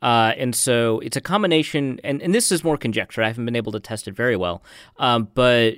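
A man talking as a guest analyst on a sports show, measured and analytical, hedging his points. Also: medium pitch, a bit bright, dry recording, clean studio sound.

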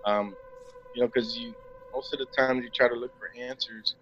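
A man's voice: medium pitch, steady tone, moderate pace, a bit bright, a little hiss or hum. A man chatting as a guest on a podcast in a loose, rambling way, dull lo-fi recording. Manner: rambling, laid-back, full of fillers and "man". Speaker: podcast guest, actor and author. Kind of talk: casual interview chat.

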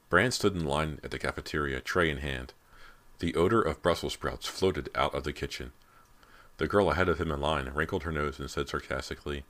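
A man's voice: very deep voice, fairly bright tone. A man narrating a horror audiobook with dramatic storytelling.

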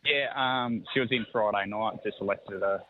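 A man, a horse trainer talking over the phone in a halting, easygoing way that repeats words. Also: lowish voice. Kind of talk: phone interview. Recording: tinny phone line with faint noise.

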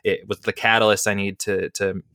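A man's voice: lowish voice, flat delivery, brisk, bright, forceful tone, no room sound, clean studio sound. A man hosting a podcast, chatting casually and rambling with lots of fillers and laughs. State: has the hiccups. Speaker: podcast host. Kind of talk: casual chat.

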